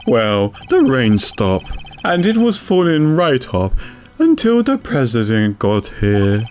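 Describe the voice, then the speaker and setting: A man putting on a bumbling game detective, loyal and eager, with a dopey put-on accent. The voice dips lower than his own and swings through a lively pitch. He rambles earnestly through his lines. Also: takes it slowly, faint music behind. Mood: eager, rambling.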